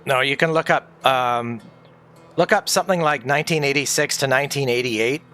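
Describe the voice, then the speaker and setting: A grieving man livestreams from home, chatting candidly in a rambling, sweary way. His medium-pitched voice is sharp-toned and a little fast, with faint music behind him.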